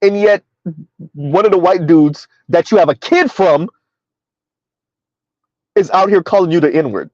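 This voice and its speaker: Hosting a relaxed live commentary stream, a man chuckles as he reads out his viewers' comments. His voice sits a bit high for a man, dry with little room sound, at a measured pace with frequent pauses, on a muffled lo-fi recording.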